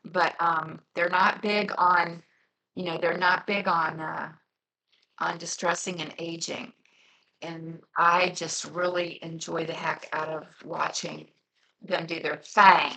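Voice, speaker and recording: A gravelly, lowish female voice comes through a low-quality recording, bright and forceful yet flat in delivery and unhurried. Crafting on her vlog, this journaler from near Cincinnati, over the Ohio border, rambles casually in a light Southern twang, her talk packed with fillers.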